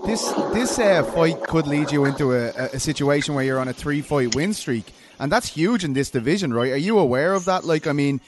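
A man's voice: fairly high pitch, animated, a little fast, hardly any pauses, a little hiss or hum. A man interviewing a fighter, asking hesitant questions full of fillers.

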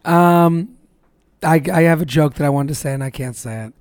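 A man's voice: a little high, moderate pace, darkish tone, clear, resonant tone, no room sound. Joking Northeast man on a dry mic. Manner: joking, riffing banter. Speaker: comedian and podcast co-host. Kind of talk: casual chat.

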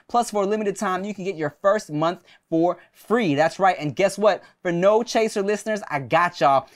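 A young man hosting a podcast, telling stories in casual chat with lively swings in his voice. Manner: animated storyteller, lively swings in pitch. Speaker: podcast host.

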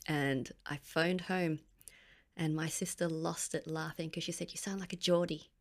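A woman's voice: low-pitched, steady tone, normal speed. A woman from Australia, chatting in a friendly way. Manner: friendly, laughs often. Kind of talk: casual chat.

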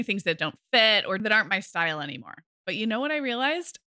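Bright upbeat woman podcast host. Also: medium pitch, no room sound, clean studio sound. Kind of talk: casual chat and ad reads.

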